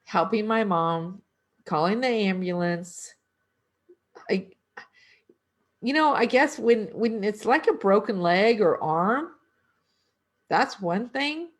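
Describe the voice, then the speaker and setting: A middle-aged woman who does energy work speaks at a medium pitch with lively intonation. Her casual spiritual talk is slow and reflective, and she keeps asking her listeners rhetorical questions.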